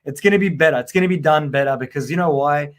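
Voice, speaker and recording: A man co-hosts a casual live football stream in a slightly high voice. He rambles in a chatty way and leans hard on the points he cares about. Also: fast. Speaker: podcast co-host.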